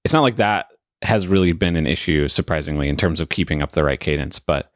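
A man's voice: extremely low pitch, a little fast, no room sound, clean studio sound. A man hosting a podcast, thinking aloud in casual chat with hesitant restarts. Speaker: podcast host.

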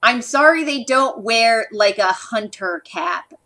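A woman's voice: a little high, lively intonation, takes it slowly, sharp tone. A woman co-hosting a casual film podcast, talking in a playful, teasing, jokey way.

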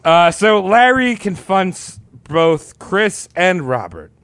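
A man's voice: sits high, very animated, takes it slowly, a bit bright, clean tone, dry recording. A man casually telling a crude story on a podcast, rambling and acting out quotes. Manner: rambling, profane, acts out quotes.

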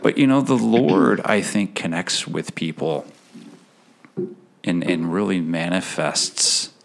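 Male podcast guest, deep voice, earnest storyteller, emotional, halting restarts and soft laughs. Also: creaky. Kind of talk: personal faith story in a conversational interview.

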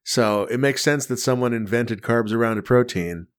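A man's voice: medium pitch, moderate pace. A man with a mid-range voice hosting a casual podcast. He talks in a wry, joking way and laughs easily between his points. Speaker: podcast host. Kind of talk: casual chat.

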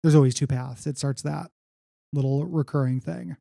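A man with a gravelly, mellow voice talks through a comic book issue on a podcast. He rambles wryly, dropping dry jokes between plot points. The sound is close and dry. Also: on the high side, steady tone, normal speed, no echo. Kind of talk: casual chat.

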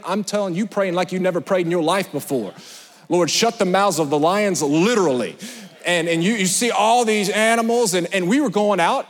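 High-pitched animated male preacher in a hall. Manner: animated, storytelling with acted voices, shifts from loud to hushed. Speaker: pastor. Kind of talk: sermon. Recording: long hall reverb.

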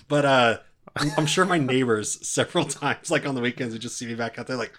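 A man in casual podcast chat, telling crude stories with animated energy. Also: medium pitch, a little fast.

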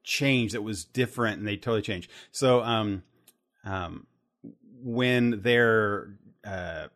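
Man in his own voice casual podcast co-host, lowish voice, laughs a lot, restarts sentences often. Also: slow. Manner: animated, laughs often, many fillers and restarts. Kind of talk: casual chat.

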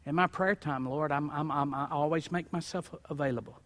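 A man's voice: on the high side, a little fast, a bit bright, big-room sound. A male pastor preaching a sermon, building emphasis through repeated phrases. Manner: preaching with rising emphatic repetition.

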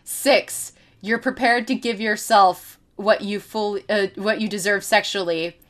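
A woman hosting a chat show reads an article aloud in her ordinary mid-range voice. She stumbles, restarts and fills pauses with ums as she goes. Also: medium pitch, steady tone, fairly bright tone. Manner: halting, lots of ums and self-corrections.

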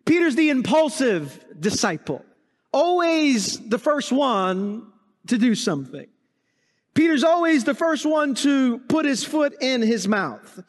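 A man's voice: very high-pitched, very animated, takes it slowly, big-room sound. A man preaching a sermon as pastor, emphatic and full of rhetorical questions.

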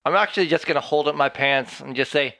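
A man's voice: on the high side, quick pace, bright, forceful tone, no echo. A man playing a tabletop game, goofing around and giggling with the group. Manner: giggly, goofy. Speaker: player.

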